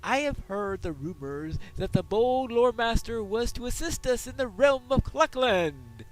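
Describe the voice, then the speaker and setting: A man's voice: extremely high pitch, very animated, unhurried, pitched above the performer's own voice, exaggerated voice, rough recording. A man doing an earnest courtly squire. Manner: formal, old-fashioned courtly speech. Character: earnest young male squire, formal.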